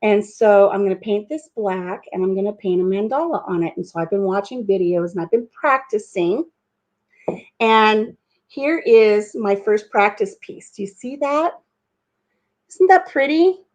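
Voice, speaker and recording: A woman's voice: medium pitch, lively intonation, measured pace, a little mellow. Middle-aged woman, chatty host who wanders off topic, easygoing live-stream talk at home. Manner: rambling, goes off on tangents. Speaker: livestream host. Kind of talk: casual chat. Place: at home, painting a rock over coffee.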